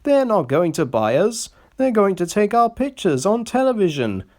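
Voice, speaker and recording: A man's voice: high-pitched, very animated, normal speed, a little mellow, voice pushed up. A man voicing a kindly, teasing male engine driver in a storybook reading, speaking jovially.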